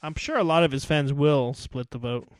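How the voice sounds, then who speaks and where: A man co-hosts a casual podcast, joking around and laughing often as they chat. His voice is a little high, his pace moderate, and the recording is dry and studio quality.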